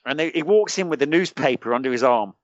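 A middle-aged British former soldier, appearing as a podcast guest, tells a long, colloquial anecdote and acts out other people's lines. His mid-range voice is lively in intonation and quick in pace. The recording is dry and slightly dull, with no echo.

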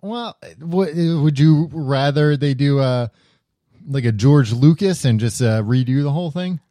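A man's voice: a little high, measured pace, dark tone, no echo, clean studio sound. A man co-hosting a casual film chat, laughing often and defending the movie with many fillers. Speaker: podcast co-host.

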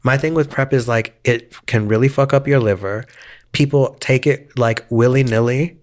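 A man's voice: medium pitch, normal speed. Opinionated man in casual podcast chat. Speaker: podcast co-host.

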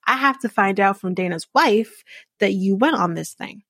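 Woman doing an indignant young woman firing off questions, medium pitch, dry sound. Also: lively intonation, moderate pace, fairly bright tone, breathy edge, dry recording.

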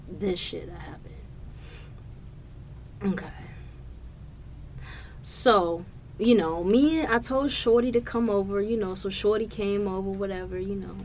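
Profane, animated woman podcast host. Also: mid-range voice, measured pace, long pauses, a little hiss or hum. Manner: profane, animated, laughs a lot. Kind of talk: casual solo podcast storytelling.

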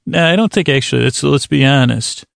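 A man with a gravelly, creaky voice drifts through a rambling sleep-podcast intro, poking fun at himself as he goes. He speaks close and intimately to the listener, as if beside them at bedtime. The recording is dry and close, with no room sound. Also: brisk, no echo. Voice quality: creaky, low-key dulcet tones. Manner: meandering, self-deprecating, talks to the listener intimately.

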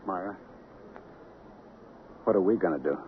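An actor playing a frightened, guilt-ridden husband in a 1970s radio drama. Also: male voice, low-pitched, measured pace, slight background noise. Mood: anxious. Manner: anxious, pleading, mumbling in his sleep. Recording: narrow, phone-like old radio broadcast.

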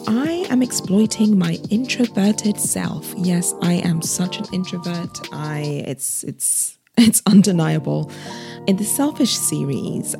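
A young British podcast host of Nigerian heritage opens casually, then reads a reflective essay aloud with earnest sincerity. Her voice is fairly low and carries vocal fry.

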